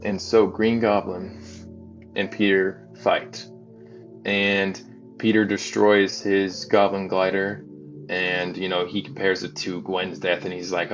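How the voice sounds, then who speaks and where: A man's voice: deep voice, flat delivery, a little slow. A man hosting his channel, retelling a comic story in a loose, chatty way with lots of fillers. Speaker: channel host. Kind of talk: casual comic book recap. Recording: dull lo-fi with music behind. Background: background music.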